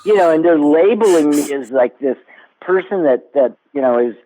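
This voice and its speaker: A man in his seventies, a guest actor, telling stories in an animated, casual interview chat. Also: on the high side, normal speed, background noise. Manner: animated storyteller. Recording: tinny phone-like line.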